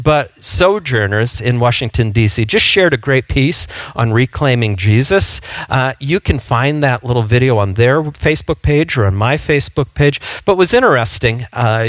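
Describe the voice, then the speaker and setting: A man's voice: medium pitch, no room sound. A male pastor preaching a sermon in a conversational, storytelling way, with frequent fillers and restarts.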